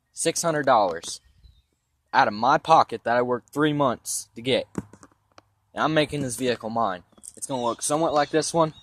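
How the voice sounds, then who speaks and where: A man's voice: medium pitch, a bit bright. A young man tells a long, meandering story about his truck, swearing freely and speaking bluntly. His voice sounds stuffy from sinus trouble. He is recording himself outdoors beside parked trucks with a phone camera. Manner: rambling, profane, blunt. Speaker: vlogger giving a vehicle tour. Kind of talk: casual storytelling.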